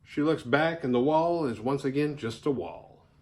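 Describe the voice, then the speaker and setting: Male host recapping a horror movie, loose and profane, jumps into silly character voices. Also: moderate pace. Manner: animated, profane, acts out characters' lines in high voices. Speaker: horror film reviewer. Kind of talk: casual film recap.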